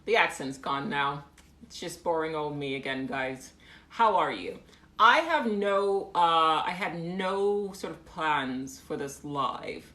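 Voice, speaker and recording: A woman artist hosting a livestream, answering viewer comments in a playful, giggly way and at times putting on a deliberately bad British accent. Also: sits low, lively intonation, pushed and bright, roomy sound. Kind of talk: casual live chat answering viewer comments.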